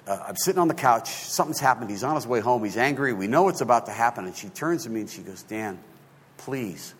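Fifties guy preaching, goes from near-whisper to loud, a bit husky, big echoey hall. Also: medium pitch. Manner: animated, swings from hushed to loud. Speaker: pastor. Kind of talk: sermon storytelling. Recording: long hall reverb.

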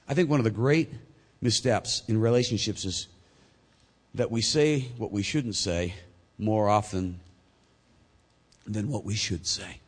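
A male pastor delivering a sermon, swinging between loud emphatic points and quiet, low asides. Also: a little slow, long pauses, slightly rough.

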